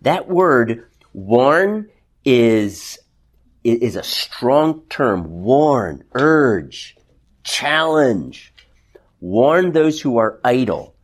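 A man leads a small Bible study group, his voice rising and falling in lively swings. He speaks in a loose, conversational way, breaking off and restarting phrases. He often turns to the class with questions. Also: mid-range voice, extremely slow. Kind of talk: interactive Bible class teaching.

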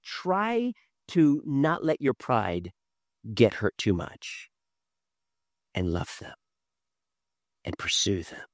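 Animated male preacher, lively pitch. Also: slow pace, pauses often, no echo, studio quality. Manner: animated preaching, swinging from loud to hushed. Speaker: pastor. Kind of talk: sermon.

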